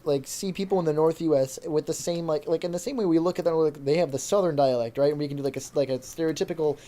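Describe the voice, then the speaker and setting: A man's voice: fairly high pitch, fast talker, mellow. A young man in his late teens telling a story on a casual podcast, rambling with lots of fillers, on a desktop mic with a pop filter at home. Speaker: podcast co-host. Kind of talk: casual chat. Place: home desk setup.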